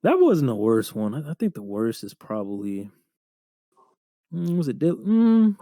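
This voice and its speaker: A man's voice: medium pitch, unhurried, dry recording. Young guy on a podcast ranting about bad jobs, lots of slang and cussing, dry close sound. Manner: slangy, profane, animated retelling with lots of "bro". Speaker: podcast co-host. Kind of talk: casual storytelling chat.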